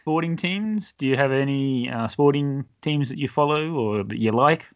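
A man hosting an interview, asking questions in a relaxed, hesitant way with some teasing. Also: medium pitch, moderate pace, dry recording. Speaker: podcast host. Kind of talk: casual interview. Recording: dry, slightly dull audio.

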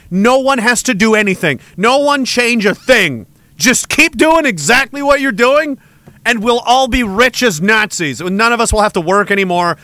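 A man's voice: very high-pitched, pushed and bright, dry recording. A man from Canada hosting a livestream, ranting sarcastically and with a lot of profanity, reading chat and laughing often. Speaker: livestream host.

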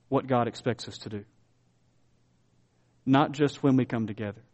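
A man preaching a sermon as a pastor, with emphatic pauses and big swings between soft and loud. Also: medium pitch.

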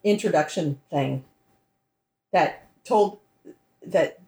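A woman's voice: on the low side, drawn-out words, darkish tone, echoey room. A woman in a casual book chat, emphatic and exasperated, who swears freely. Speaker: book club member.

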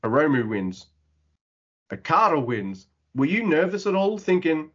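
A man co-hosting a wrestling podcast, recapping a match in excited, profane casual chat. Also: fairly high pitch, unhurried, dull audio. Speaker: podcast co-host.

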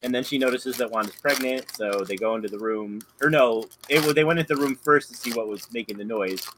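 A man's voice: medium pitch, fast talker, noisy background. A man in casual chat, rambling through a recap with plenty of fillers and self-corrections. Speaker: podcast co-host.

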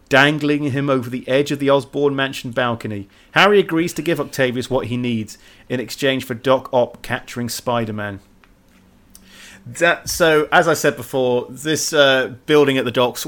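Podcast co-host, man, bright tone, tangent-prone and self-interrupting. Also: mid-range voice. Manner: rambling, self-interrupting, laughs at own tangents. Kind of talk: casual chat.

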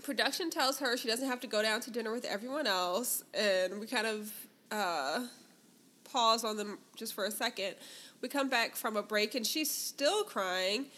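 A woman's voice: on the high side, normal speed. Casual woman recapping a show. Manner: relaxed storytelling recap, acting out quoted lines. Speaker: podcast co-host recapping a reality show. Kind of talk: casual chat.

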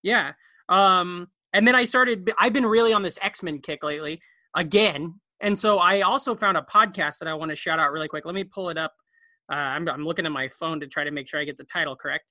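A man's voice: a little high, bright, forceful tone, no echo. A man co-hosting a podcast from his bedroom, rambling and joking in casual chat, often repeating words. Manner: rambling, jokey, talks fast and repeats words. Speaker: podcast co-host. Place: bedroom at home.

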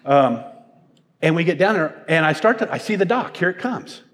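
A middle-aged male pastor preaching, telling a self-mocking personal story in an animated way. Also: on the high side, a little fast. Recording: long hall reverb.

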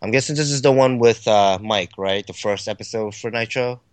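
A man's voice: on the low side, moderate pace, clean tone, dry recording. A man hosting a hobby podcast, casually reading out listener names and plugging the show's links. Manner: easygoing, reads out listener names and plugs. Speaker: podcast host.

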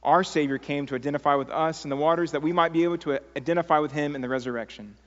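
A man's voice: fairly high pitch, steady tone, very fast. A man preaching a sermon as pastor, earnest and pleading, telling stories with many fillers. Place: church sanctuary. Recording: dull sound in a long-reverb sanctuary.

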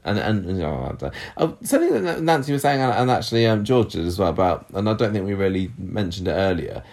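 A man co-hosting a casual podcast, chatting and reading out listener messages with quick asides. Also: low voice, sing-song, creaky, a little mellow. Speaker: podcast co-host.

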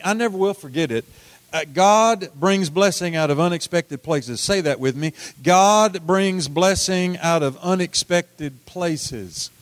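Folksy preacher man, high voice. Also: no echo. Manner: folksy storytelling, repeats words, swings from loud to hushed. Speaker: pastor. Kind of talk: sermon.

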